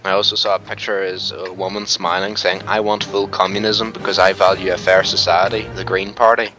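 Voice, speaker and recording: A man's voice: low-pitched, flat delivery, brisk, over music. A man chatting casually with friends while gaming, blunt and sarcastic. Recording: game audio and gunfire underneath.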